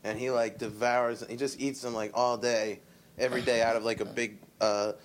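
A man's voice: mid-range voice, level tone, normal speed, a little hiss or hum. A man, a comedian and producer, chatting on a podcast and rambling through a story. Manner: rambling storyteller, frequent restarts. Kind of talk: casual podcast chat.

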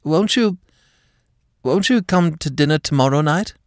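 A man voicing a nervous young English woman in an audiobook reading, pitched well above his own voice and speaking in anxious, pleading bursts. The recording is dry and close. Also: animated, a little slow, dry recording.

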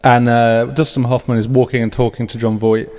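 A man's voice: mid-range voice, flat delivery, a little fast, a little mellow. Hesitant man with reverb. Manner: hesitant, lots of fillers and asides. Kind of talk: casual chat. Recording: long reverb on the voice.

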